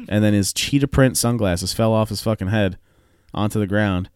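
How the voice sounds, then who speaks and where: Low-voiced male co-host, laid-back storyteller, frequent swearing, dry mic. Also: normal speed, few pauses, darkish tone, smooth, dry recording. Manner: swearing, storytelling, laughs often. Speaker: podcast co-host. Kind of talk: casual chat. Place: home.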